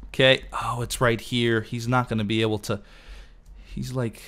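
A man's voice: medium pitch, level tone, normal speed, a bit bright. A man casually narrating his own gameplay, talking to himself as he builds and fusses over details. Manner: chatty, talks to himself while building. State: losing his voice. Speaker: let's play host.

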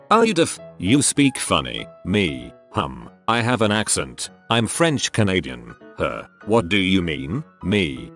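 A man reading out short reader-submitted stories as scripted narration, in a brisk, wry storytelling way. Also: on the low side.

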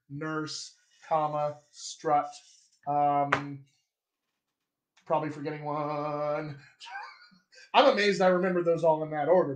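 A man with a General American accent, a dialect coach giving a chatty live accent lesson and repeating sample words slowly. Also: fairly high pitch, reverberant.

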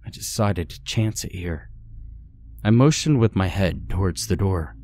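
Deep-voiced man narrating a horror story. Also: normal speed, a little mellow, slight background noise.

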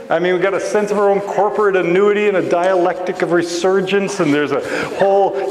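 A man preaching a storytelling sermon as guest preacher, animated and acting out the voices in his story. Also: normal speed, hardly any pauses, echoey room, big-room sound, rough recording. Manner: animated, acts out voices with big pitch jumps. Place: church sanctuary.

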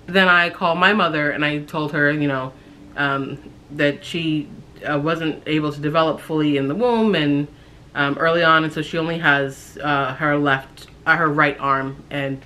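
A young woman casually telling a personal story on her vlog, talking in a halting, reflective way with frequent fillers and restarts. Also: low-pitched, fairly even intonation, sharp tone, a little hiss or hum.

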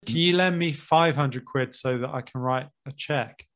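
A man's voice: medium pitch, moderate pace, a bit bright. A British man hosting a casual podcast chat, easygoing and curious, often asking questions and laughing. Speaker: podcast host, English teacher.

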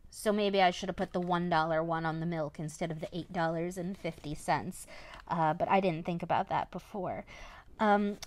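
A woman's voice: on the low side, normal speed, darkish tone. A woman, a parent, chatting through a casual toy review and often tagging a questioning "right?" onto her points.

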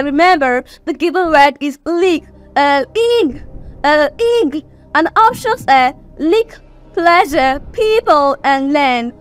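A woman from Nigeria gives a recorded exam-prep lesson on vowel sounds. Her voice sits high and she speaks at an unhurried pace. She says each example word over and over and stretches out the sounds she wants students to hear. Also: fairly bright tone. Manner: slow, repetitive teaching, drawing out and repeating words. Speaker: English exam tutor.

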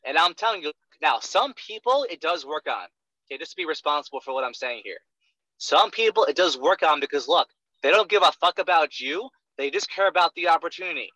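In expressive, brisk bursts, a young man coaches a sales trainee bluntly and profanely, driving home each point and repeatedly checking "right?" His voice is slightly high and very bright, close and dry through a dull lo-fi recording.

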